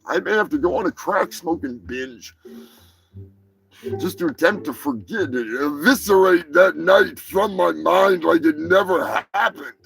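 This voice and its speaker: A man hosting a live podcast, giving a profane mock apology that swings from slow solemn talk to shouted rage. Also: on the high side, lively intonation, vocal fry, soft background music, poor audio. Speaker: podcast host. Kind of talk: mock-apology comedy rant.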